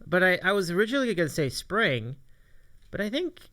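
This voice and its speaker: A man's voice: high-pitched, sing-song, fairly quick, pushed and bright. A man co-hosting a casual live-streamed talk show, upbeat and enthusiastic, often repeating himself. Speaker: podcast co-host. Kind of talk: casual chat.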